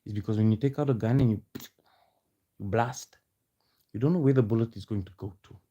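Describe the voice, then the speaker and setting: A man's voice: lowish voice, a little fast, mellow, lo-fi sound. A man delivering a heated, confrontational rant to camera, firing off challenging rhetorical questions. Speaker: vlogger.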